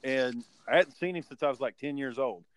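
A man's voice: medium pitch, fairly quick, no echo. A man telling a rowdy story in casual chat, swearing freely and acting out what people said. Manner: profane, animated storytelling with acted quotes. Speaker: storyteller guest.

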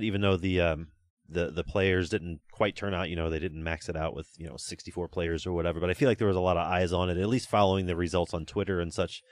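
A man hosting a casual podcast, asking his co-hosts questions in a relaxed way. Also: low-pitched, dry recording. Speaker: podcast host.

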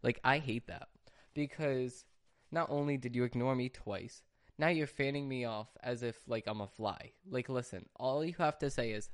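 A man's voice: medium pitch, normal speed. Rambling man venting casually. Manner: rambling, frequent fillers and restarts. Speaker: restaurant worker. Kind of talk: casual talk to camera.

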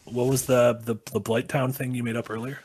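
A man's voice: medium pitch, flat delivery, fairly quick, a little mellow. A man co-hosting a casual stream, upbeat and encouraging as he thanks donors. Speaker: stream co-host.

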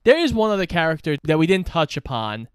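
A man co-hosting a podcast, calmly laying out plot details in casual chat. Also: on the high side, fast talker, smooth, dry recording, clean studio sound. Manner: explanatory, lays out plot details. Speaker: podcast co-host. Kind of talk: casual chat recapping a cartoon.

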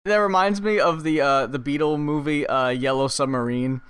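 A man's voice: on the high side, moderate pace, fairly bright tone, clean tone, soft background music. A man co-hosting a podcast, trading dry, wry remarks in casual chat. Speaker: podcast co-host.

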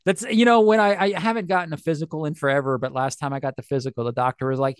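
A man's voice: fairly high pitch, fairly even intonation, fast, few pauses, clear, resonant tone, dry recording, clean studio sound. A man co-hosting a casual chat, joking, laughing often and doing silly quoted voices. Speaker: podcast co-host.

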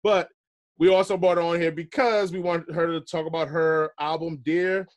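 A man hosting a casual music chat, relaxed and slangy, laughing often. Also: fairly high pitch, normal speed. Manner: laid-back slangy talk, laughs often. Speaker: podcast host.

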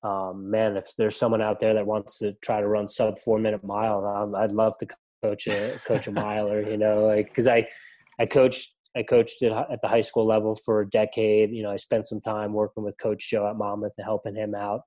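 A man's voice: on the low side, monotone, moderate pace, mellow. A middle-aged man talking casually as a podcast guest, rambling with lots of fillers and restarts. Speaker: ultramarathon runner and coach, guest.

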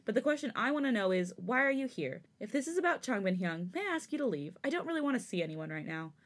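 A woman's voice: fairly high pitch, sing-song, quick pace, voice pushed up. A woman voicing a defensive young man in a fanfic reading, bitter and hurt. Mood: cold. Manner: bitter, then raw and pleading. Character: wounded, defensive young man hiding heartbreak.

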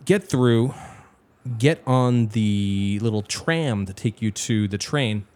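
A young man telling a story in casual chat, animated and swearing often, acting out other people's lines. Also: lowish voice, takes it slowly.

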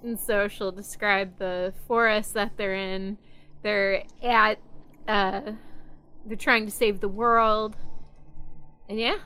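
Slow-talking, bright-voiced woman player. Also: mid-range voice, fairly even intonation, clean tone, faint music behind, low-quality recording. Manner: unhurried, with pauses and fillers. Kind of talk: casual tabletop play.

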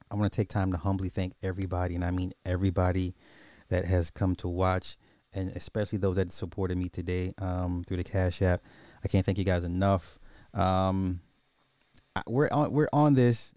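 Low mellow man hosting a call-in show. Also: no room sound. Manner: casual, slangy, rambling. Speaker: podcast host. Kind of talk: call-in social commentary.

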